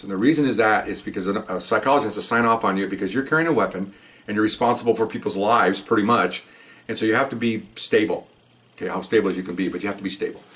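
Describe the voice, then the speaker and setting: A man's voice: on the low side, fairly bright tone. A man in his sixties, a police veteran, telling stories in a rambling casual way. He keeps checking in with "okay?" and restarts his sentences often. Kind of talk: casual storytelling monologue.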